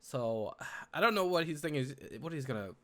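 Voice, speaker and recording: A man reacting to a TV episode in casual commentary, prone to loud excited outbursts and repeated exclamations. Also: on the high side, moderate pace. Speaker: reaction video host.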